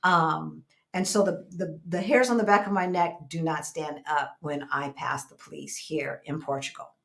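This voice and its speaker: A middle-aged woman from the United States co-hosting a casual chat, telling stories in an animated, conversational way. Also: deep voice, moderate pace, vocal fry. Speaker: co-host.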